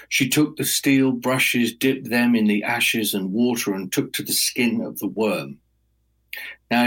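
A man telling a folk tale aloud in a measured, dramatic storytelling manner, as a guest on a talk program. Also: mid-range voice, a bit bright, breathy edge, low-quality recording.

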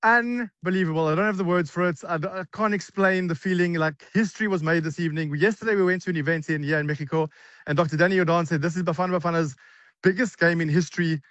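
A fast-talking South African man with a raised voice, gushing and breathless. He sounds out of breath and talks over himself. The line is dry, with no room around it. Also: fairly high pitch, fairly bright tone, dry recording, muffled recording. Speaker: guest. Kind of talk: excited phone-in interview. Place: outside stadium at night.

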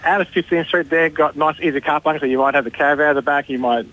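A man's voice: a little high, fast talker, a bit bright, rough recording. A man, a store manager, chatting on radio with upbeat, salesy storytelling. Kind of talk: radio promo chat.

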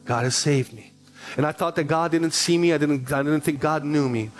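A man pastor preaching a sermon, telling stories with quiet asides and raised, emphatic lines. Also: on the high side, fairly even intonation, normal speed, music in the background.

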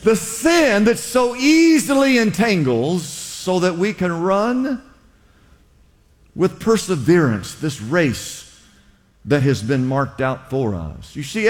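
A male pastor with a slightly high voice preaches a sermon in a church, full of impassioned exhortations and heavy repetition, with a long reverb tail trailing his words.

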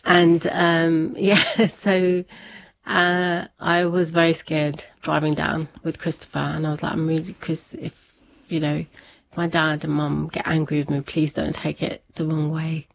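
A woman's voice: sits low, level tone, unhurried, gravelly, slight background noise. Chatty woman telling a family story. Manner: chatty, laughs often, quotes family members. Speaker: interview guest. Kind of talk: personal storytelling in an interview. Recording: slightly dull lo-fi sound.

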